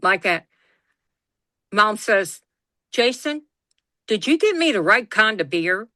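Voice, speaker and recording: A woman's voice: mid-range voice, slow, pauses often, no echo, studio quality. A woman telling a family story in a casual chat, acting out the voices of the people in it and swearing freely. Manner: animated, acts out quoted voices, swears freely. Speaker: guest storyteller.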